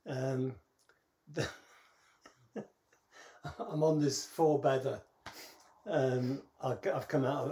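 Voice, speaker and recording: British middle-aged man, halting anecdotal podcast co-host, mid-pitched voice. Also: mellow. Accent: British English. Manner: halting, storytelling, laughs at his own anecdotes. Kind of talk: casual chat.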